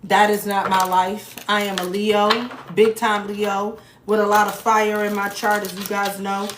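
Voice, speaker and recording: A woman's voice: mid-range voice, little pitch movement, measured pace. A woman giving a casual tarot reading to her viewers, blunt and profane, with joking asides. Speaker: tarot reader. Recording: echoey room with faint noise.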